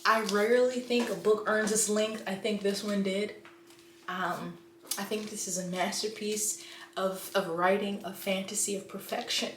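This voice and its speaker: A woman chatting casually and excitedly about books she loves, acting out her own reactions. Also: mid-range voice, moderate pace. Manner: gushing, animated, quotes her own reactions. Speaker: book vlogger. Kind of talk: casual book review chat. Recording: echoey room with faint noise.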